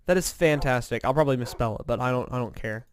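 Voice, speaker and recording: A man's voice: medium pitch, quick pace, slight background noise. Tired, rambling man chatting through gameplay. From Indiana, USA. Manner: rambling, chatty, self-mocking. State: tired, yawning. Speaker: gaming commentator. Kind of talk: casual let's-play chat.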